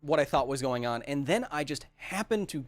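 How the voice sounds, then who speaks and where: This science podcast host has a medium-pitched voice, lively intonation and a fairly quick pace, in a dry recording with faint music behind. It's a casual livestream Q&A where he chats enthusiastically, cracks jokes, and reads viewer comments out loud before answering.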